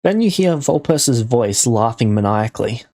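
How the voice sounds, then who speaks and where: A man narrating a tabletop game as game master over a voice call mic, giving calm, matter-of-fact rulings. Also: medium pitch, normal speed, no room sound, studio quality.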